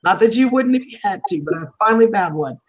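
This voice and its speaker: A woman's voice: mid-range voice, lively intonation, quick pace, slight background noise, low-quality recording. A woman hosting a livestream, chatting casually and laughing often, her voice starting to tire. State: voice tiring. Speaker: livestream host. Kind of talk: casual chat.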